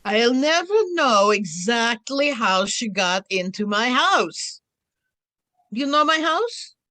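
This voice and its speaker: A woman's voice: on the high side, sing-song, slow pace, sharp tone, no echo, full character voice, rough recording. A woman storyteller playing an ancient, wry witch in a drawling, teasing first-person telling. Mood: sly. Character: ancient wry female witch Baba Yaga.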